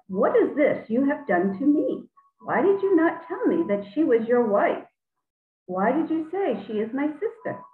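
A woman's voice: a little high, slight background noise. A woman taking part in an online class, reading a passage aloud. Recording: echoey tinny call audio.

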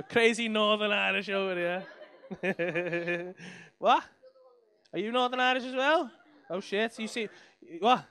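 A man's voice: sits high, takes it slowly, fairly bright tone, clean tone. A young man doing sweary, teasing crowd work on a comedy club stage. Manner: sweary, teasing banter with the audience. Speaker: stand-up comedian.

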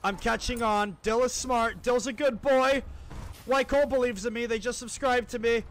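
A man streaming a horror game live, excitable and stressed, often yelling and swearing at the game. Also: very high-pitched, normal speed.

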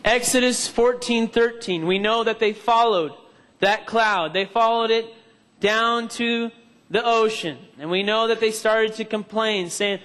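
Male preacher with a strikingly high voice, testifying and calling for amens; sermon heard in a church hall with a long echo. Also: measured pace, fairly bright tone.

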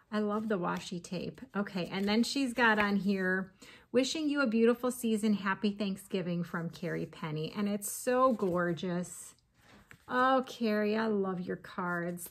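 A woman's voice: mid-range voice, vocal fry. A middle-aged woman vlogger chatting casually to camera while opening fan mail, gushing and laughing often.

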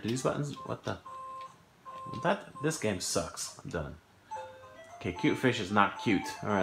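A man giving casual let's-play commentary at home, thinking aloud and getting puzzled and excited over a game. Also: fairly low pitch, creaky. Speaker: gameplay commentator. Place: home living room, on a sofa. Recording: echoey room with game music behind.

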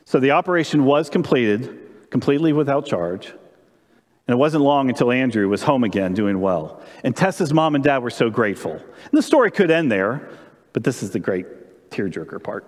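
Brief: lively male pastor, sermon storytelling, big church reverb. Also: medium pitch, normal speed. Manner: animated storyteller, asks congregation questions. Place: church sanctuary during live-streamed service.

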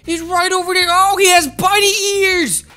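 A woman giving excited let's-play commentary, often shouting and constantly calling out to the viewers as guys. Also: very high-pitched, moderate pace. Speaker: gameplay commentator.

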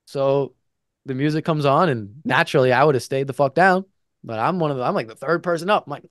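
Animated, swearing male storyteller, dry sound. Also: medium pitch, a little fast, dry recording. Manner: animated, profane, swings between loud and hushed. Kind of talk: casual comic storytelling.

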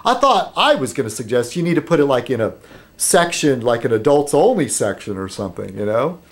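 A man video blogging at home in a rambling casual monologue, halting with fillers and restarts, getting animated when he mimics other people. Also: medium pitch.

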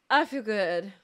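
A woman streaming live, reacting while she keeps breaking into helpless laughter, breathless and lightheaded, with a goofy laugh. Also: mid-range voice.

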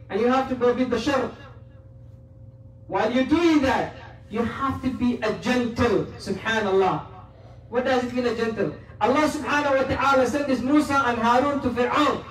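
A man's voice: extremely high pitch, reverberant, distant mic, rough recording. A man with a Somali accent preaching a Friday sermon in a mosque, earnestly mixing English with quoted Arabic. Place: mosque prayer hall.

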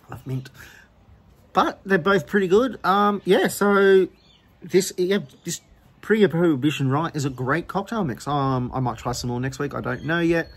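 A man hosting his own whisky channel. He gives casual tasting commentary at home and talks in a relaxed, hesitant way with frequent ums. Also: a little high, slightly rough.

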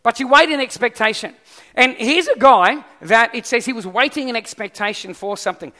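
A male pastor preaches in a bright, forceful tone, his high voice ringing with a long hall reverb. He keeps the sermon lively and keeps asking the congregation questions. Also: a little fast. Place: church hall.

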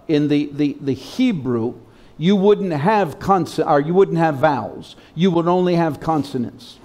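A man's voice: a little high, a little mellow. A male pastor preaching a sermon, reading scripture dramatically and leading the congregation to repeat words back. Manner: dramatic reading, leads the congregation in call-and-response. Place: church sanctuary.

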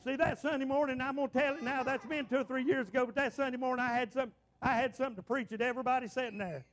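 A man's voice: very high-pitched, fairly even intonation, very fast, fairly bright tone, slight background noise. A middle-aged man preaching a folksy, exclamatory sermon to his church congregation, often repeating himself. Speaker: pastor. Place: church sanctuary.

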